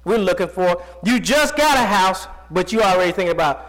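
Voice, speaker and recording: A man preaching a sermon who reads scripture slowly, then talks to the congregation in plain, folksy speech, his voice jumping up and dropping low. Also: animated, fairly bright tone. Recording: long reverb of a large hall.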